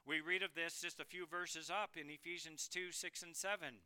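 A man preaching a sermon earnestly, swinging between emphatic declarations and hushed, quiet phrases. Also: on the high side, steady tone, normal speed, clear, resonant tone.

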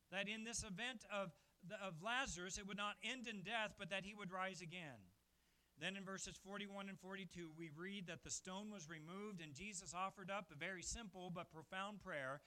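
A male pastor preaching a sermon at a church service, emphatic and swinging from quiet passages to loud ones. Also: high voice.

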